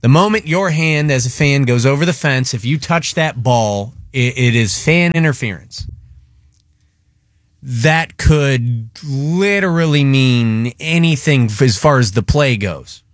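A man's voice: medium pitch, a little slow, no echo, studio quality. A man hosting a radio show, talking sports in a casual, joking, rambling way.

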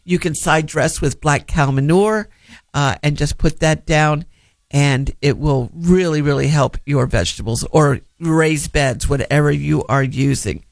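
A man's voice: fairly high pitch, a little slow, gravelly, no room sound. A man hosting a gardening radio show, giving casual advice in a chatty, rambling way with many fillers.

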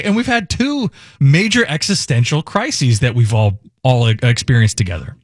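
A man's voice: fairly high pitch, animated, moderate pace, no room sound, clean studio sound. A man filling in as a radio host, chatting casually in a rambling, joking way and correcting himself as he goes. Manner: rambling, self-correcting, jokey. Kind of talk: casual talk radio chat. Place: radio studio. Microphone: studio microphone.

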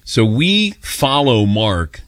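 Lively, animated male radio host. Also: medium pitch, slow, no room sound, studio quality. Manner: animated anecdote-telling, mimics voices in quotes. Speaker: radio sports talk host. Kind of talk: casual radio storytelling.

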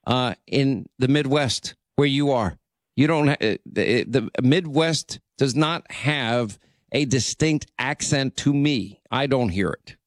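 A man hosts a call-in radio show, chatting with callers and reading an ad. His voice is mid-pitched and comes across dry and close. He talks briskly and often stumbles over his starts. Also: no room sound. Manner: brisk, stammering restarts, friendly banter. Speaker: radio talk show host.

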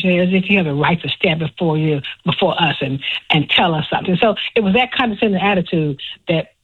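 A woman guest with a low, husky voice and a deliberate way of speaking. Her voice comes through a narrow, phone-like line. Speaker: guest, former university president. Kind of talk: radio interview.

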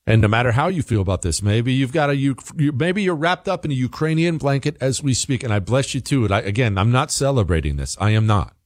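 A man's voice: mid-range voice, no room sound, clean studio sound. A man hosting an opinionated political monologue, talking emphatically and repeating himself as he builds his points. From United States. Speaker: political commentary host.

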